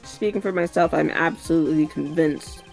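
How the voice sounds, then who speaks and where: A woman's voice: low voice, normal speed, vocal fry, a little mellow, soft background music. A woman reading as a stern old judge. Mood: formal. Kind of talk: reading game dialogue aloud.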